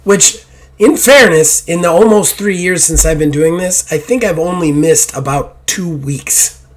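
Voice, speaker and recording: A hoarse man hosting a gaming podcast, rambling and self-deprecating in casual chat, swearing now and then. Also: a little high, measured pace. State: hoarse after illness. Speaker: podcast host.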